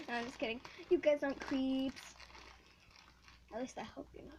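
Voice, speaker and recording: A teenage girl unboxing a package for her vlog, excitable and giggly, gushing over each item in casual chat. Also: high-pitched, moderate pace, a little hiss or hum, poor audio. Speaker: vlogger.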